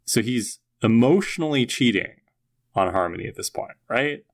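A man's voice: medium pitch, expressive, moderate pace, creaky. A man co-hosting a casual podcast, working out his views aloud with restarts. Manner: thinks aloud with repeated restarts. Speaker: podcast co-host. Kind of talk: casual chat, reflective commentary.

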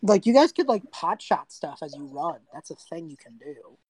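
A young woman runs a tabletop game, narrating casually and rambling through fillers. Her voice sits on the low side. The recording is dry and close, with almost no room sound. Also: big pitch swings, moderate pace, a little mellow, husky, dry recording. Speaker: game master.

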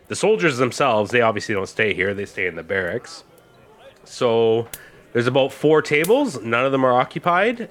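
A man's voice: medium pitch, a bit bright. A man narrating as game master in a casual, rambling way with many fillers.

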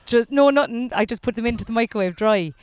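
A woman's voice: fairly high pitch, dry recording, lightly acted. A woman playing a frantic young Midlands student. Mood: desperate. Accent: Irish Midlands. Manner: pleading, hurried, breezy about absurd requests. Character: hurried young woman student from Carlow, desperate for the loo.

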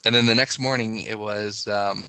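A man's voice: lowish voice, steady tone, normal speed, bright, forceful tone, smooth, no echo. A man casually telling a long story, rambling and breaking off mid-sentence with lots of "like". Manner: rambling, self-interrupting, lots of "like".

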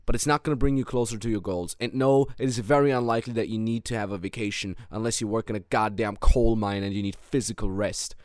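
A man's voice: on the low side, fairly even intonation, fast talker, few pauses, dry recording, studio quality. A man hosting a business coaching podcast, talking in a blunt, heated monologue. He swears a lot and repeats words and restarts when worked up.

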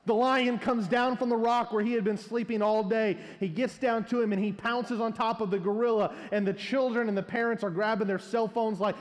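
A man's voice: high-pitched, fairly even intonation, a little fast, hardly any pauses, in a large hall. A male pastor preaching a sermon, telling a long humorous story as an illustration.

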